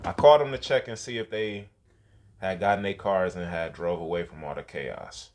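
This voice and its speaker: A man's voice: sits low, normal speed. Guy telling a story on his podcast, loose and slangy, curses a lot. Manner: animated, slangy, profane storyteller. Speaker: podcast host. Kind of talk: casual storytelling.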